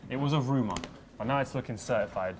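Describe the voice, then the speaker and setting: Rapid, teasing man. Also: mid-range voice, background noise. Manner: animated, teasing, street slang. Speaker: co-host. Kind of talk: casual football debate. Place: office.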